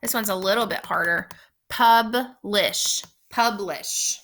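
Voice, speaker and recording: A woman teacher giving a recorded phonics lesson, speaking slowly and clearly and repeating each word for young learners. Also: medium pitch, pushed and bright. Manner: slow, clear instructional pacing with repeated words.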